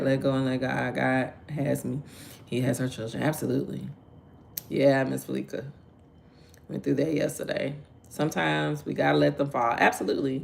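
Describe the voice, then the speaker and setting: A woman's voice: extremely low pitch, creaky. A middle-aged woman hosting a casual devotional talk, earnest and conversational, reading viewer comments aloud. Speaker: devotional host.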